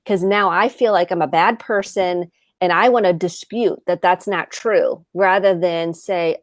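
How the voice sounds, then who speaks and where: A woman therapist co-hosting a live advice talk, explaining calmly and acting out example conversations. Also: fairly low pitch, measured pace, no room sound, clean studio sound. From United States. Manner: calm, explanatory, acts out example dialogue. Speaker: therapist co-host.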